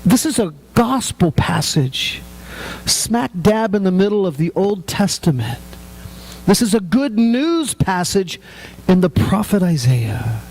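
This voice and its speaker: A middle-aged male pastor preaches with a notably high voice and a slow, deliberate pace. He keeps it conversational and joking, talking to the congregation directly. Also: very animated, darkish tone. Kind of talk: sermon.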